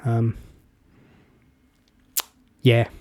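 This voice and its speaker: A man's voice: very slow, dark tone. Chatty British man reacting. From Britain. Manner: chatty, rambling anecdotes with blunt opinions. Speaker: reaction video host. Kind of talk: casual reaction commentary.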